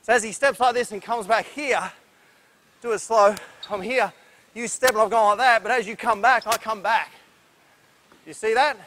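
Energetic, breathless male basketball coach. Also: high-pitched, moderate pace, long pauses, slight background noise. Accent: Australian. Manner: energetic, instructive, breathless from drills. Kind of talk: coaching clinic demonstration. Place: indoor basketball court.

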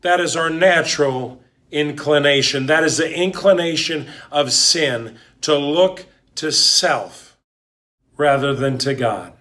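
Slow, deliberate male preacher. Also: a little high, bright, forceful tone. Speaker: pastor. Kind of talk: sermon.

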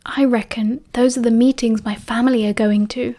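A woman's voice: animated, slow, mellow. Blunt, cool British teenage wizard boy, read by a woman; direct delivery. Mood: hushed. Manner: blunt, low-voiced.

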